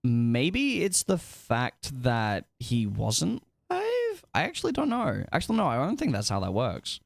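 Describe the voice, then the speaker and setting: A young man streaming a game live, chatting to his viewers in a rambling, excitable, self-mocking way. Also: mid-range voice, a little slow, vocal fry, no echo, faint music behind. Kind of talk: casual gaming livestream chat.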